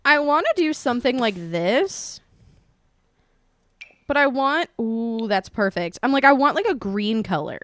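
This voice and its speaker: Bright, lively-voiced woman streamer. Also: on the high side, a little slow. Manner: chatty, playful and profane. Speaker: live streamer. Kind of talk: casual chat with stream viewers.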